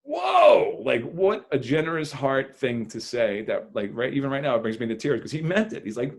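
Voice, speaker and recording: A man, a magician, talking in a lively podcast interview, with loud bursts of enthusiasm and frequent laughter. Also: mid-range voice, normal speed, vocal fry, hardly any pauses. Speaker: magician guest.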